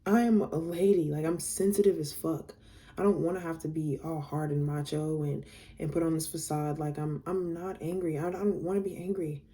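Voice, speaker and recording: A woman's voice: low-pitched, fairly even intonation, moderate pace, mellow. A young woman casually telling a storytime to her viewers, reading out text messages, candid and blunt, swearing freely.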